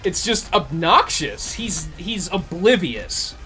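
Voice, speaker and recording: A man's voice: sits high, slow pace, soft background music. A man hosting a live game stream, chatting casually and ranting with lots of swearing. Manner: profane, animated ranting. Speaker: livestream host. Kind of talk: casual chat while gaming.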